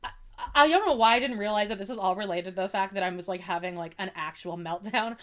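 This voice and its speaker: A woman's voice: medium pitch, fast talker. A young woman co-hosting a podcast, telling a personal story in casual chat and acting out the other people in it. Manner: animated storytelling, acts out quoted dialogue. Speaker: podcast co-host.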